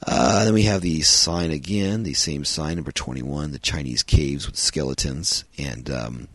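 A man's voice: a bass voice, measured pace, a bit bright, no room sound. A man hosting a podcast, reviewing a film in a rambling, casual way with frequent ums and uhs.

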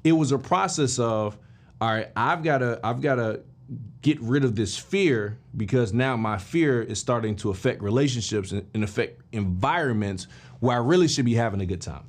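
A man hosting a podcast, telling a motivational story in an animated way and talking straight to his listeners. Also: mid-range voice, moderate pace. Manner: animated, addresses listeners directly and informally; emphatic with frequent restarts and fillers. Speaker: podcast host.

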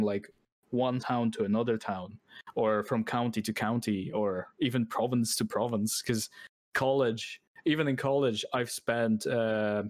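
A man's voice: mid-range voice, no echo. A man in his twenties with a mixed Irish accent, chatting casually and laughing often on a video call. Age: 20s. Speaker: podcast guest. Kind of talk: casual chat.

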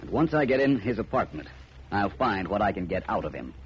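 A suave gentleman detective speaks urbanely and with a dry wit. His lowish voice swings with lively intonation, and the recording is a muffled old radio broadcast. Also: a little fast, very noisy. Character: suave male gentleman detective, cool and wry. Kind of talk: 1940s radio acting.

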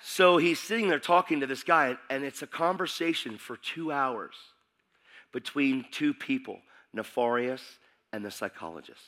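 Male preacher, middle-aged, bright forceful tone, fired-up sermon delivery. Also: mid-range voice. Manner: excitable, preaches with rising intensity.

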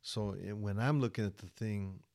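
A man from California telling a story on a podcast as a guest, casual, profane and animated, slipping into quoted voices. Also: on the low side, normal speed, vocal fry.

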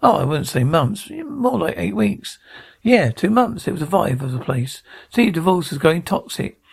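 A man's voice: a little high, very animated, moderate pace, creaky, breathy edge, heavily acted. An actor playing an easygoing male builder with a laid-back, rambling, cheeky way of talking. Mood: breezy. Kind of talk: TV drama acting.

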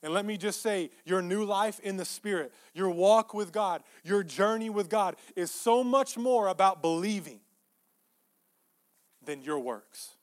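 A male pastor preaching a sermon, emphatic and repeating his phrases, swinging between soft asides and loud peaks. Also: high-pitched, unhurried.

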